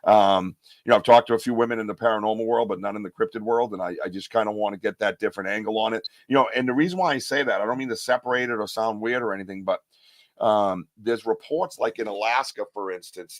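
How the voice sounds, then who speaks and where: A man's voice: lowish voice, no echo. A man hosting a live podcast, chatting loosely, joking and rambling in slang. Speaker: podcast host. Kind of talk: casual live-stream chat.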